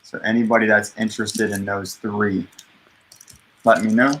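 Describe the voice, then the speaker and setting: A man co-hosting a live comic sale, quoting prices in a plain, steady way. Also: lowish voice, normal speed, a little hiss or hum, low-quality recording. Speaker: co-host. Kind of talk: live sales pitch.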